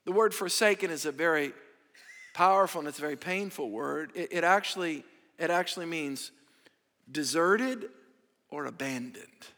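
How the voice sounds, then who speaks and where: Male pastor, high voice, emphatic sermon delivery, long church-hall reverb. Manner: emphatic, drawn-out stressed phrases, swings between loud and hushed.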